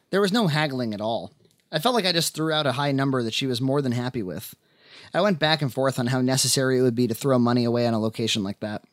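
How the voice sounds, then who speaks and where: An independent filmmaker narrating the making of his film in measured, wry first person. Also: medium pitch, dry recording, clean studio sound.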